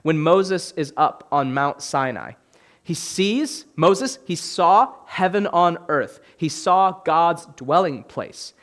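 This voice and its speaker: A young man, a young adults pastor, preaching a sermon in an animated way and asking his listeners questions. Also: on the high side, slow.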